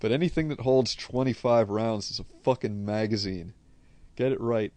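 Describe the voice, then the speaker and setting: A man from Connecticut, USA, with a New England accent speaks at normal speed in a lowish, darkish voice, recorded with no echo. In casual, unscripted chat he answers viewer questions bluntly, rambling and swearing freely.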